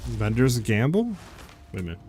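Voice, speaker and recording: A man's voice: mid-range voice, big pitch swings, moderate pace, background noise. Chatty young male game streamer. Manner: chatty, answers chat, many "like" fillers. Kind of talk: casual live-stream commentary.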